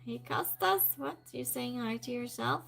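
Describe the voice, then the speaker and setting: A woman's voice: a little high, expressive, normal speed, vocal fry, a bit bright, faint music behind. A woman hosting a trivia live stream in a casual chat style, reading viewer comments aloud and greeting viewers by name. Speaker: trivia night stream host.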